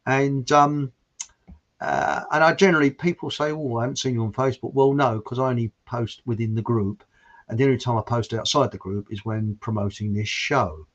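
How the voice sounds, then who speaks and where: A man's voice: mid-range voice, moderate pace. A man hosting a live show, chatting casually and reading viewer comments aloud, rambling with loose restarts and chuckles. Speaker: livestream show host. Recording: dull lo-fi stream audio.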